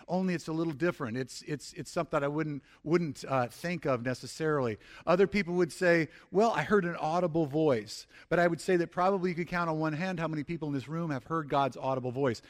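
A middle-aged man preaching a sermon as pastor, conversational, with frequent restarts and slowing down for emphasis. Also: a little high.

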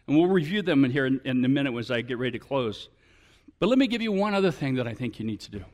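A male pastor preaching a sermon to his church, often building up to animated, emphatic appeals. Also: medium pitch, fast.

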